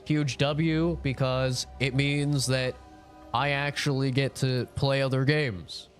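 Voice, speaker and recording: A man's voice: medium pitch, fairly even intonation, slow pace, faint music behind. A sick young man with a nasal voice, chatting casually with his live-stream audience in a rambling, laid-back way.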